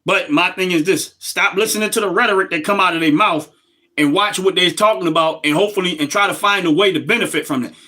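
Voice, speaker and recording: A man's voice: high-pitched, fast talker, sharp tone. A middle-aged man, hosting a casual livestream and talking emphatically straight to his viewers. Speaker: livestream host.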